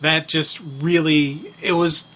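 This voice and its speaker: A man's voice: a little high, flat delivery, slow, sharp tone. A man co-hosting a podcast in casual chat, talking with rambling enthusiasm and many fillers. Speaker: podcast co-host.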